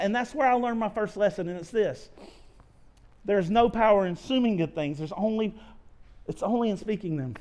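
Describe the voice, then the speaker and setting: A man's voice: high-pitched, moderate pace, a little mellow. A man in his thirties preaching a sermon as a pastor, speaking earnestly and confessionally, often restarting and repeating his words. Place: church sanctuary.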